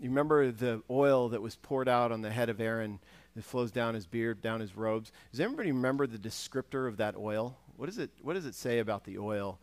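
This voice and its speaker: A man's voice: mid-range voice, brisk, no echo. A man, a guest preacher in a church, giving a conversational sermon with frequent restarts and acted-out voices from a parable. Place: church sanctuary.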